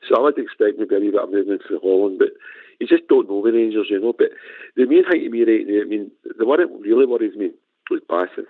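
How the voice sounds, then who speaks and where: A man's voice: on the low side, no echo. A man on a radio phone-in, speaking steadily and often saying you know. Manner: measured, lots of you know. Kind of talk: casual phone-in chat. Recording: tinny phone line.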